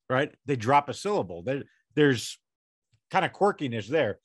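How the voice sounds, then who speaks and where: A man's voice: medium pitch, sing-song, normal speed, slightly rough, no echo, clean studio sound. A male podcast co-host chatting casually, musing and explaining his point. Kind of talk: casual interview chat.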